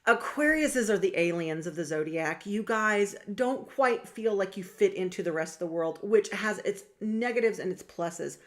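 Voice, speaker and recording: A young woman talking casually to her viewers about star signs, chatty and lively, often acting out what other people say. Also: medium pitch, moderate pace, hardly any pauses. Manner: chatty, animated, acts out quoted voices. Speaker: astrology vlogger and reader. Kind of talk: casual talk to camera.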